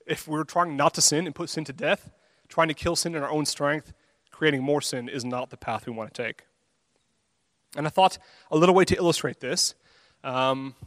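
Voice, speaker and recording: A man's voice: a little high, a bit bright, dry recording. A man preaching a sermon, earnest and conversational, acting out his own inner thoughts with a self-deprecating touch.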